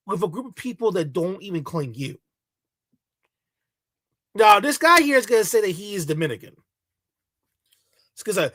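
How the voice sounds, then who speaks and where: A man's voice: sits high, big pitch swings, normal speed, pauses often, pushed and bright. A man hosting a reaction channel, delivering heated, mocking commentary with lots of repetition.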